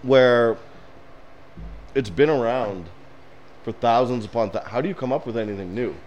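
A man co-hosting a casual podcast chat, telling movie scenes with laughter and rising excitement. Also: medium pitch, moderate pace. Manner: animated storyteller, laughs while retelling scenes. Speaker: podcast co-host.

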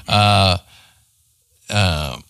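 Bright-voiced pastor teaching a Bible class. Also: male voice, low-pitched, extremely slow, clear, resonant tone. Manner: conversational, checks in with the class with "right?".

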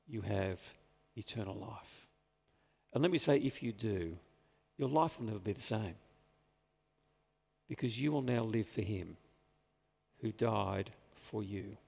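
A pastor delivers an earnest sermon in a gravelly voice, drawing out key words for emphasis. His voice rings with the long reverb of a church hall. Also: fairly low pitch, a little mellow.

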